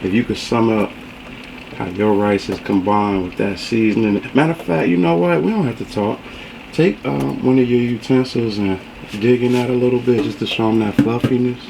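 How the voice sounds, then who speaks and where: A man's voice: mid-range voice, normal speed, vocal fry, a little hiss or hum, low-quality recording. Folksy man over sizzling food. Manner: folksy, chatty, fond of "you know". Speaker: food reviewer host. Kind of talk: casual food review chat. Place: home kitchen beside the stove. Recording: loud frying sizzle behind.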